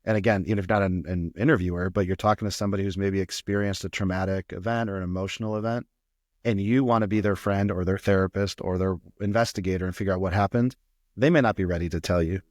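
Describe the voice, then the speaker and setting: A man hosting a podcast interview, asking thoughtful questions in a halting way, with many restarts. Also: low voice, fairly even intonation, darkish tone, no echo, studio quality. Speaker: podcast host.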